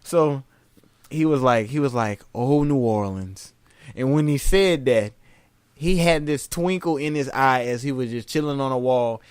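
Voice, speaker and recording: A young man co-hosting a casual podcast chat, telling stories and acting out quotes in a high voice. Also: clean tone, no room sound. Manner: animated storyteller, acts out quotes in a high voice. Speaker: podcast co-host.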